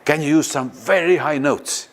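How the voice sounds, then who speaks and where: A man teaching a guided meditation in non-native, halting English, often pausing to question a live audience. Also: on the high side. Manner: slow and lively, questions the audience. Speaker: spiritual teacher.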